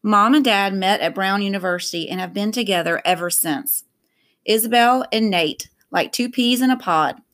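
A woman reading a novel aloud in a steady, even narration. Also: medium pitch, normal speed. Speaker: reader.

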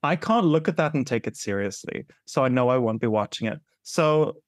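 A man's voice: mid-range voice, animated, brisk, no echo, clean studio sound. A man co-hosting a podcast, chatting animatedly and laughing often, with playful exasperation. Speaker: podcast co-host. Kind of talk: casual chat.

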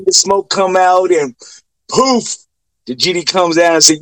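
A man chatting casually, relaxed and a bit hesitant, with casual swearing. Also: high voice, measured pace, dry recording, low-quality recording. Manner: laid-back, profane, hesitant. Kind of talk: casual chat.

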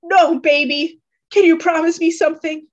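A woman's voice: very high voice, fairly even intonation, moderate pace, highs cut off, voice pushed up. A woman voicing a desperate young man who pleads and cries out in grief. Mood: pleading.

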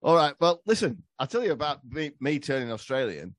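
A man's voice: a little high, very animated, brisk, no echo, clean studio sound. A man, a podcast guest telling crude, swearing stories in casual comedy chat. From England. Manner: crude, swearing, laughing storyteller.

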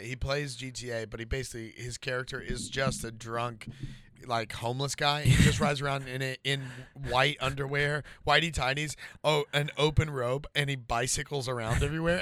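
Bright-voiced casual podcast guy. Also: medium pitch, fairly even intonation, brisk, dry recording. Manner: laid-back, says "dude" a lot. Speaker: podcast co-host. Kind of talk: casual chat.

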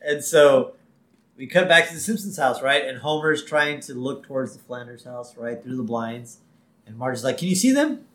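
A chatty male podcast co-host walks through a cartoon episode scene by scene, often tacking on "right?". His voice sits at an average pitch and the room adds a noticeable echo. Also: fairly even intonation, normal speed, a bit bright. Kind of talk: casual episode recap. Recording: echoey room.

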